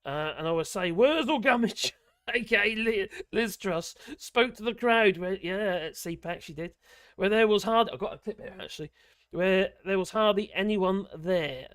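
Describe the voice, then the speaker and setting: Over a clean studio recording with no room sound, a man with a high, fairly bright, clear and resonant voice hosts a live politics stream at a moderate pace. His commentary is casual, rambling, and blunt, peppered with swearing and chuckles.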